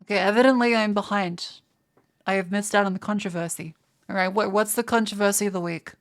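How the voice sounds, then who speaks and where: Young Australian woman streamer, crude, rambling live-chat delivery, mid pitch. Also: fairly even intonation, a little fast. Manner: profane, rambling, stammers and restarts. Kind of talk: casual live-stream chat reading viewer comments.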